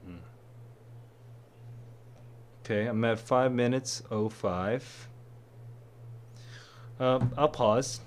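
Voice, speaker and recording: A tired man reading a passage and thinking aloud, musing in a low-energy way as a test prep tutor. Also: extremely slow, long pauses, slight background noise.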